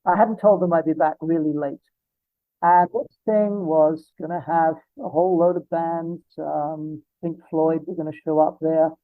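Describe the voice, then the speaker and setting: A man's voice: fairly high pitch, fairly even intonation, a little slow, no echo. A man in his seventies with an English accent, reminiscing at length in an interview and wandering into reflective asides. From England. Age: 70s. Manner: discursive and reflective, with frequent asides. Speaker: interview guest. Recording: dry, phone-like line.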